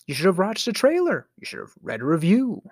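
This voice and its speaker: A middle-aged podcast host launches into a theatrical storytelling rant, full of sighs, stammers and sudden whispers. His voice sits high with wildly swooping pitch, slightly rough and a little fast. The studio sound is clean, with no echo.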